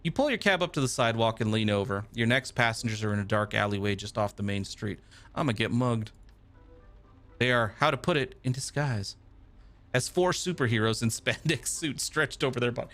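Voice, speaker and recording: A man's voice: mid-range voice, fairly quick, a bit bright. A male streamer playing a text game live, reacting casually and reading the narration aloud.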